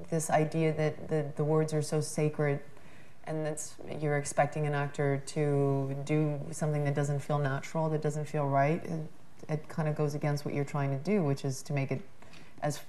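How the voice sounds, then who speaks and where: A South African woman with a notably low voice talks openly in a stage Q&A, tripping over her words and starting sentences again. There is a faint hiss under the recording. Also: warm tone. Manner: candid, chatty, restarts sentences often. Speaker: interview guest. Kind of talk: onstage question-and-answer conversation.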